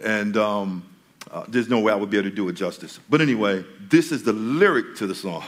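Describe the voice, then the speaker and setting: A man's voice: on the low side, brisk. A male pastor giving a sermon in a church, talking in a conversational way that often stops and restarts.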